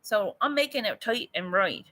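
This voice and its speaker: Her mid-range voice sounds pushed and bright, with lively intonation and a moderate pace. The artist vlogger, a Newfoundlander with a Newfoundland English accent, chats bluntly and casually to her live viewers, swearing freely and laughing often.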